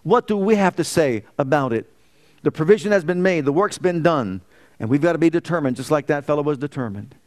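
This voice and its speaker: A man's voice: a little high, animated, fairly quick. A male pastor preaching a fervent sermon full of rhetorical questions and exclamations.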